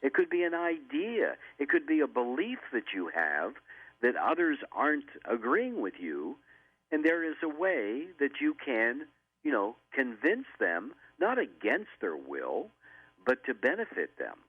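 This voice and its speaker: A man's voice: medium pitch, very animated, measured pace, husky, no room sound. An older man, a radio interview guest, talking earnestly and often repeating words as he starts a thought. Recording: tinny phone line.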